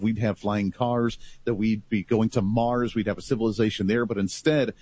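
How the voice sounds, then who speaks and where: A man talking in a casual political talk show, animated and rambling in long stretches. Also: fairly low pitch, no echo.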